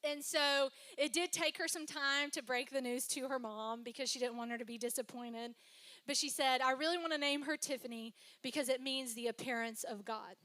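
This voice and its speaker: A young woman pastor preaches from a church stage into a microphone. Her voice sits high and rings bright. She talks in a chatty, personal way, telling stories and tossing in asides to the congregation. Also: fairly even intonation, normal speed. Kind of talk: sermon.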